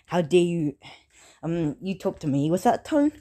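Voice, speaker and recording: A woman's voice: fairly low pitch, sing-song, measured pace, dark tone. A woman voicing a stern, rule-bound teenage boy class representative who scolds his classmates. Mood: scolding. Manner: indignant and scolding.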